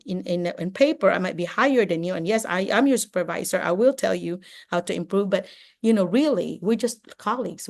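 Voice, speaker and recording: An older woman from the Philippines, a retired teacher giving lively advice on a video call, acting out classroom exchanges. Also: mid-range voice. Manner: animated, acts out classroom exchanges, many "you know"s. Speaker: retired teacher and administrator, guest speaker.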